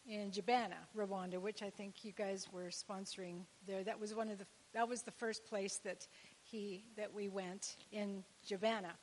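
A woman's voice: medium pitch, in a large hall, slight background noise, rough recording. A woman telling a story to a church audience, rambling and restarting with "anyways". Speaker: charity co-founder, speaker's wife. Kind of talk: storytelling talk.

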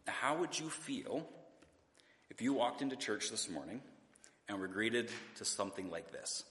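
A man's voice: lowish voice, very animated, a little slow, fairly bright tone. Man preaching in an echoey church. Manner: conversational, rhetorical questions, occasional restarts. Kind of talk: sermon. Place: church sanctuary.

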